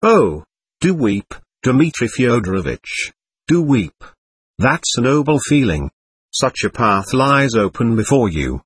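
A man's voice: mid-range voice, very animated, takes it slowly, slightly rough, exaggerated voice. A man voicing a flighty, effusive middle-aged society lady in a storybook reading, sweetly condescending.

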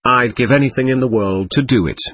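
A man reading a proud, quick-tempered schoolboy. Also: medium pitch, a bit bright, natural voice. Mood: earnest.

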